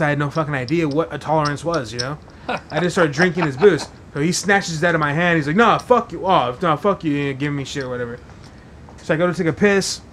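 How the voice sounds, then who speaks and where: A man's voice: a little high, a bit bright, slight background noise. A man hosting a podcast, telling a story casually while rambling and swearing heavily, with lots of fillers. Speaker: podcast host.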